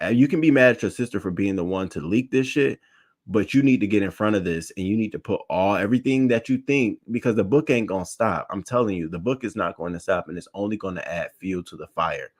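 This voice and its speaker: A man hosting a celebrity news show, giving blunt, opinionated commentary and reading his live chat, swearing freely and repeating points for emphasis. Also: deep voice.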